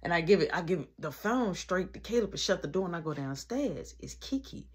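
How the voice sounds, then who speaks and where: A young woman telling a casual storytime, animated, jumping between loud and quiet. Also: on the low side, brisk, slightly rough.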